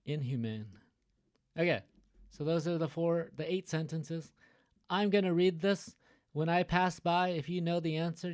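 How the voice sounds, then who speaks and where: A man teaching an online reading lesson, talking casually, stopping often to explain and joke. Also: medium pitch. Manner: chatty, stops to explain and joke.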